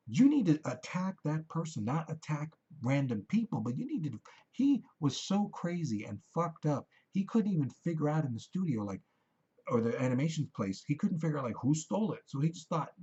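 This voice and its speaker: A man's voice: a little high, big pitch swings, a little fast, dark tone, breathy edge, muffled recording. A man ranting into the camera in a rambling, profane, heated monologue. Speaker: vlogger.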